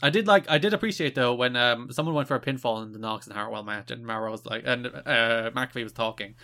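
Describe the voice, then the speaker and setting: A man's voice: mid-range voice, quick pace. A man from Ireland co-hosting a podcast, talking casually and teasing his co-host. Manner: animated, teasing. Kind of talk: casual chat.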